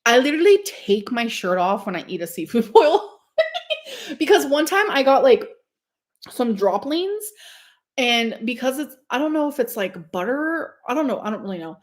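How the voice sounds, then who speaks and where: A woman's voice: a little high, big pitch swings, normal speed. A young woman chatting casually on a livestream, gushing over food and reading the chat. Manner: chatty and gushing, says "like" a lot. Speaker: streamer reading live chat.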